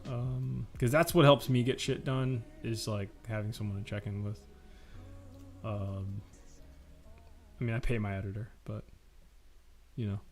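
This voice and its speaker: A man's voice: fairly low pitch, steady tone, measured pace, long pauses, a little mellow, faint music behind. A man chatting casually and profanely while drawing on a live stream, rambling with lots of fillers.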